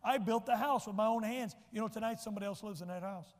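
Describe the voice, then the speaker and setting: A man's voice: high-pitched, fast talker, big-room sound. A man preaching a sermon as pastor, telling personal stories and building to emphatic lines. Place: church sanctuary.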